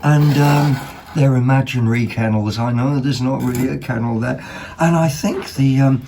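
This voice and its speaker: A chatty man hosting a home vlog, his voice sitting at an ordinary middle pitch. He rambles excitedly through his finds, peppering his talk with ums and quick corrections. A faint background noise sits under the recording. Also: vocal fry. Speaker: vlog host. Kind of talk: casual chat showing second-hand finds.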